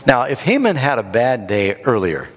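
A male pastor delivers a sermon, retelling a story with a lively, swooping voice and dramatic flair. His voice rings with a long reverb, as in a large hall. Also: medium pitch, normal speed.

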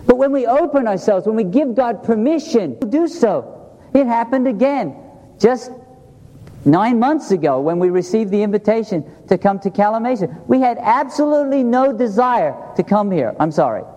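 A man's voice: sits high, animated, normal speed, dark tone. A middle-aged man preaching a sermon in a church, earnest, asking the congregation questions as he talks. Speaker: pastor. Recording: long hall reverb.

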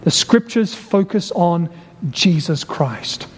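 A man preaching a sermon, deliberate and emphatic, repeating key phrases and asking rhetorical questions. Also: high voice, expressive, slightly rough. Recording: long hall reverb.

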